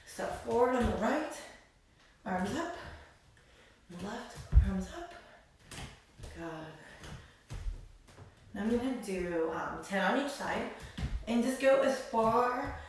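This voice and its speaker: A woman's voice: fairly high pitch, animated, slow, pauses often, noisy background. A woman leading a live-streamed pelvic health workout, counting reps and cueing moves while slightly out of breath. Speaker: pelvic health exercise instructor. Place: indoor room. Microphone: phone camera across the room. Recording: echoey room, voice far from the mic.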